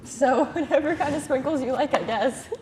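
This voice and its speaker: A woman's voice: high voice, normal speed, darkish tone, some chatter behind. A young woman hosting a casual trivia game in a college TV studio, chatty and giggly. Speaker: game show host. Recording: echoey studio, faint noise.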